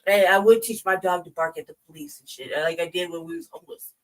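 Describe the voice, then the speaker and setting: Animated, profane woman telling stories. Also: lowish voice, quick pace, far from the mic, rough recording. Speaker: podcast co-host. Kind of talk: casual storytelling chat.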